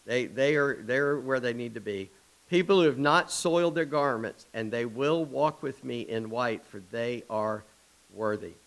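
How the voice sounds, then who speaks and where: A middle-aged man preaching in a folksy way, mixing anecdotes with scripture. His pitch sits in an ordinary middle range for a man. He talks in loose storytelling runs with quick asides. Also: fairly bright tone, low-quality recording. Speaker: pastor. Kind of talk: sermon.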